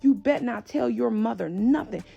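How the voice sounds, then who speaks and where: Woman doing a controlling dad barking orders, high and gravelly, on a dull lo-fi track. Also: normal speed, a little mellow, soft background music. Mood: threatening. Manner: scolding, threatening. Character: harsh controlling father, adult man.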